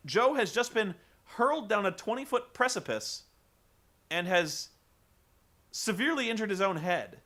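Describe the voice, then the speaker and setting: A man with a high, bright voice recapping a show with sarcastic, profane asides. His delivery rambles and swings widely in pitch. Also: sing-song, measured pace, long pauses. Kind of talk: comedic wrestling recap.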